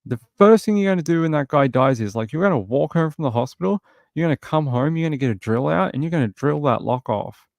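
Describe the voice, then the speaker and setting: A man's voice: fairly high pitch, animated, fast, creaky, a little mellow, no echo. A man hosting a casual true crime livestream, talking bluntly in run-on bursts full of fillers.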